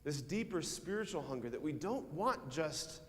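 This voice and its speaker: A male priest giving a homily to schoolchildren, telling a childhood story in an animated way and asking them questions. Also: fairly high pitch, moderate pace. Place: church. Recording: long church reverb.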